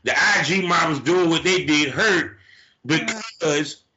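A man with a fairly high, bright voice and an animated, storytelling way of talking, circling back on his points with repeated phrases. He hosts a casual podcast conversation. The recording is dull and lo-fi. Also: takes it slowly. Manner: animated storyteller who repeats "but see". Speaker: podcast host.

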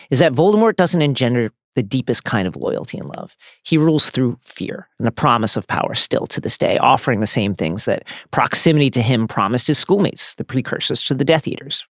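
A man hosting a podcast, reading a scripted literary analysis in a steady, measured way. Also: mid-range voice, no echo, studio quality. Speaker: podcast host.

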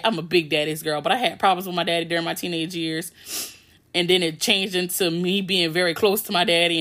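A young adult woman hosting a podcast, telling a personal story in a candid, casual way with lots of swearing. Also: fairly low pitch. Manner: candid and heavy on swearing, with animated retellings. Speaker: podcast host.

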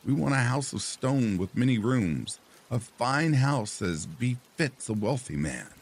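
A man's voice: mid-range voice, animated, measured pace, breathy edge, voice pushed up. A man voicing a weary, apologetic old fisherman in a storybook tale. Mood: meek. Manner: apologetic and mild.

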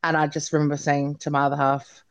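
A woman's voice: deep voice, fast talker. Chatty woman guest telling her story. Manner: chatty, animated, many fillers like "like" and "you know". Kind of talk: casual interview storytelling.

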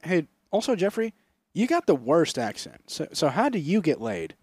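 Young male comedy podcaster, animated and profane, on a dry close mic. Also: fairly high pitch, moderate pace, husky, no room sound. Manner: profane, animated, slips into mocking impressions. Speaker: podcast co-host. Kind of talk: casual comedic chat.

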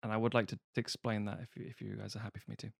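A man from the UK co-hosting a casual film podcast, animated and swearing as he acts out comic bits. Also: fairly low pitch, rapid-fire, gravelly, no echo, studio quality. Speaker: podcast co-host.

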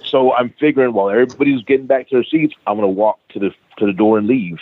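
A middle-aged wrestling trainer, guesting on an interview show, swears his way through a lively story at a quick pace, voicing the quoted dialogue. His voice is medium-pitched and the recording dry, coming over a tinny, phone-like line.

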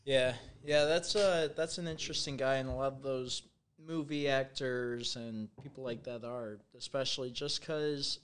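A man hosting a casual podcast chat, talking loudly and rambling with lots of swearing and filler. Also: medium pitch, fairly even intonation, moderate pace, smooth. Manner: loud, rambling, swears freely. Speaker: podcast host.

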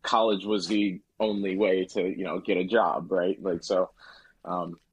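A man chatting as a podcast guest, relaxed and rambling with lots of filler words. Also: low-pitched, measured pace, breathy edge. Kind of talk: casual podcast chat.

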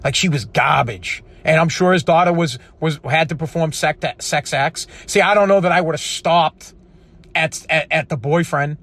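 A man's voice: a little high, moderate pace, fairly bright tone. A man in his thirties from the United States, delivering a heated, profane, emphatic monologue with frequent restarts. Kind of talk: impassioned monologue.

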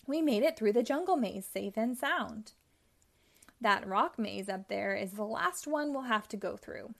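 Cheerful storybook hero Pac-Man, as a woman reads him, high voice, slow upbeat delivery. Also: lively intonation, gravelly, a bit bright, full character voice.

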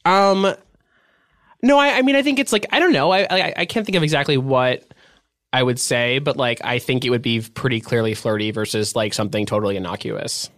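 A young man chatting as a podcast guest, circling his stories with endless "like"s and restarts. His voice sits at an ordinary middle pitch. The sound is close and dry, with no room around it. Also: fairly quick, fairly bright tone, dry recording. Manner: rambling, filler-heavy storytelling with many "like"s. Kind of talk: casual chat.

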